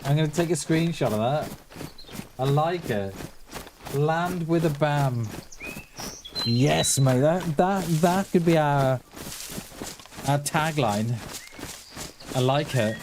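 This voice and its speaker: A man streaming a survival game chats casually with his viewers, answering them and calling them mate and dude. His voice is on the high side, and he talks slowly with frequent pauses, game noise clearly audible behind him.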